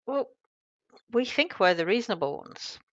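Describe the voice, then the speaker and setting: A woman's voice: on the high side, lively intonation, normal speed, a bit bright, no room sound, dull audio. A woman player in a tabletop game, speaking earnestly in character chat. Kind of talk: tabletop role-play chat.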